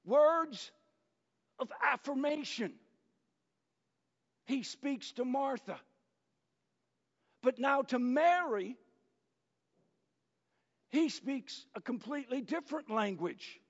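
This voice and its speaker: A man preaching a sermon as pastor, in an unhurried storytelling manner that works in jokes. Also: very high voice, lively intonation. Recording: dull lo-fi church recording with long reverb.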